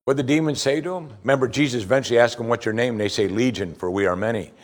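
A man preaching a sermon with emphatic delivery, swinging between loud stress and quiet asides. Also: mid-range voice, very fast. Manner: emphatic preaching, rising and falling in volume. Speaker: pastor.

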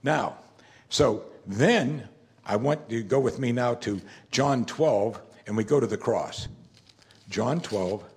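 A man's voice: medium pitch, slow pace, a little mellow. A man delivering a sermon to his congregation in an easy, conversational manner. He keeps firing rhetorical questions at his listeners and slips into character when he quotes scripture. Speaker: pastor.

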